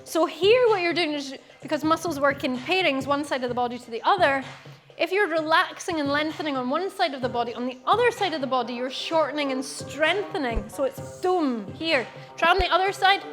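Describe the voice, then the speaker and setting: A woman's voice: high voice, lively intonation, a little fast, a bit bright, faint music behind. A woman teaching a belly dance class, explaining moves and counting beats aloud with encouragement. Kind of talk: online dance class instruction.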